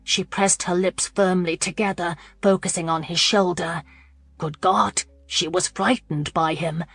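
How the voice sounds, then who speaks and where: A woman narrating a romance audiobook in a measured, steady reading voice. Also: lowish voice, slightly rough, dry recording. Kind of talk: scripted narration.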